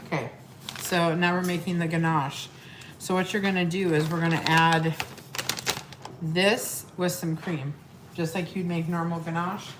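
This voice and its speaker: Chatty low-voiced woman in echoey kitchen. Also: little pitch movement, measured pace. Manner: chatty and scattered, talks to viewers as y'all. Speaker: weight-loss coach hosting a live cooking stream. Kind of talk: casual live cooking demo. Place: home kitchen with pets and family about. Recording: echoey room with clear background noise.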